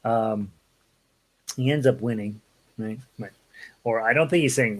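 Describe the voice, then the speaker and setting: A man teaching a casual online ukulele lesson, relaxed and chatty, counting beats aloud and singing lines along as he plays. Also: on the low side, normal speed, pauses often. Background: ukulele playing.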